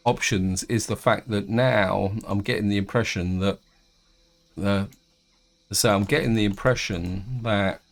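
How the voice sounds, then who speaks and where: Low-voiced man rambling over gameplay. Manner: rambling, many restarts and fillers. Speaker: gaming video host. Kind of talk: casual let's-play commentary.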